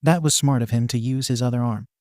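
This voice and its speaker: A man's voice: medium pitch, fairly even intonation, fast talker, a little mellow, no room sound, studio quality, lightly acted. A man reading the lines of a serious, analytical young male hero student, in a fan storybook reading.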